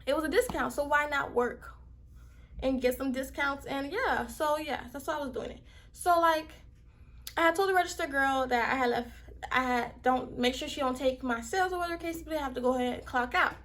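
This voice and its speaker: A young woman from Miami with a Southern accent, telling a workplace story in a casual, heated, animated way. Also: high voice, normal speed. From Miami, Florida. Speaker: vlogger.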